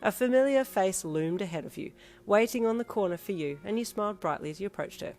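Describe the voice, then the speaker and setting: A woman's voice: mid-range voice, animated, fast, darkish tone. A woman narrating a fan fiction audiobook expressively in second person.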